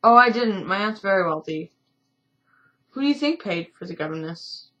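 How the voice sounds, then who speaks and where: Woman voices a rich playboy, breezy and self-amused, mid-pitch, story game read-along. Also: expressive, normal speed, fairly bright tone, dull audio, natural voice. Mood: teasing. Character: wealthy carefree young man, jokey drunk.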